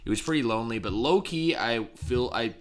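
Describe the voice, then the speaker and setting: A man's voice: medium pitch, brisk, soft background music. A young man co-hosting a podcast, laid-back and chatty with plenty of fillers. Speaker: podcast co-host. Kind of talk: casual chat.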